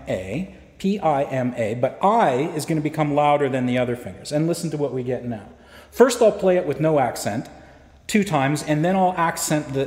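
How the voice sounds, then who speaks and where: A man teaching fingerpicking technique in a guitar lesson, explaining step by step in a relaxed way with frequent fillers. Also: fairly high pitch. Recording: roomy echo with guitar playing.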